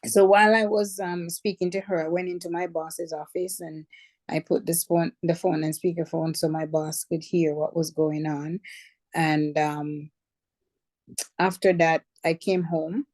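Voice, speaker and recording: Speaking as a cancer survivor, a middle-aged woman shares her story in a chatty way, pausing to backtrack and fix what she said. Her low, slightly mellow voice has fairly even intonation and an unhurried pace, recorded with no echo.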